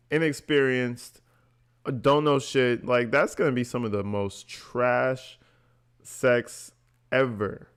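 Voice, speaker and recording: A man's voice: medium pitch, clear, resonant tone. A man giving casual, mocking reaction commentary, with lots of slang. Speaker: commentary host.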